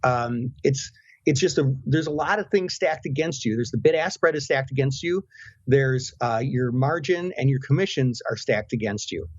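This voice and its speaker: A man's voice: mid-range voice, normal speed, no room sound. A man co-hosting a finance podcast, speaking frankly with many hesitations and restarts. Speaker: podcast co-host, former floor trader. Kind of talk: casual finance podcast chat. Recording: dry, dull lo-fi remote line.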